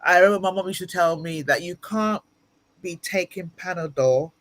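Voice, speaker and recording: A guest speaker and ministry leader, recorded over a video call, gives earnest motivational advice in an interview and repeats points to stress them. Her voice is on the low side and a bit bright, at a normal speed.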